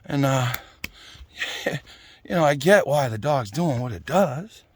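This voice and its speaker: A man's voice: mid-range voice, expressive, takes it slowly, husky. A man ranting casually, blunt and swearing, often tagging "right?" and "you know?". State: out of breath at times. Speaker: vlogger.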